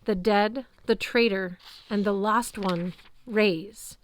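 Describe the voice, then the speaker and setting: A woman's voice: mid-range voice, fairly even intonation, takes it slowly, lightly acted. A woman voicing a serious, frightened teenage girl who speaks hesitantly and solemnly.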